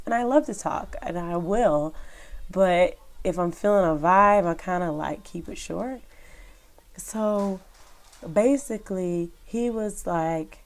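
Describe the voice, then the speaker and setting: A woman telling a personal story to her viewers in a casual, rambling way, with many fillers. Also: on the low side. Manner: rambling, chatty, lots of fillers. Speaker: vlogger, former rideshare driver.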